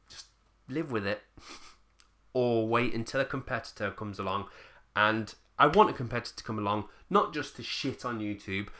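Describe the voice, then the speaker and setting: A man's voice: mid-range voice, bright, forceful tone. A man, a YouTuber ranting bluntly to camera in a casual, swearing way.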